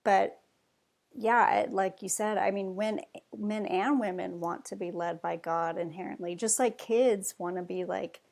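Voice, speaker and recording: A woman's voice: mid-range voice, steady tone, measured pace, gravelly, a little mellow. A woman talking as a podcast guest in a casual, chatty way, rambling with many fillers. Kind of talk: casual conversation.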